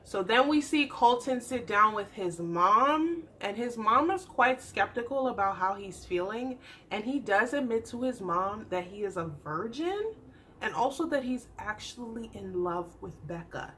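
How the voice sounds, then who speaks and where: A young adult woman chatting through a casual TV recap, animated and acting out the people she describes. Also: on the high side, a little slow, slight background noise. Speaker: YouTube TV recap host.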